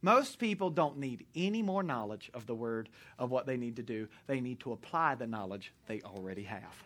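A pastor preaching to a congregation in church, animated and joking, sometimes shouting. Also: male voice, mid-range voice, normal speed. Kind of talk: sermon.

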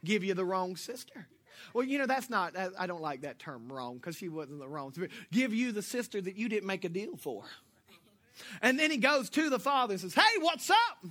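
High, bright-voiced joking preacher man. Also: moderate pace. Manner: animated, joking, swings between loud and soft. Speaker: pastor. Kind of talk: sermon.

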